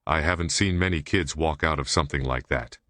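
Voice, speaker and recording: A man's voice: a bass voice, brisk, fairly bright tone, no room sound. A man voicing a kind female police officer with a rural manner who reassures a rescued girl in an audiobook. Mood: reassuring. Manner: reassuring, folksy.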